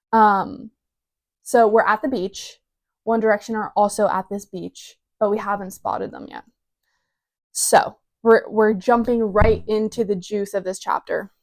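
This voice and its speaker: A young adult woman hosting a podcast reads aloud casually, tossing in wry, teasing remarks and self-mockery. Her delivery is loose and full of fillers, her pitch medium, and the recording dry.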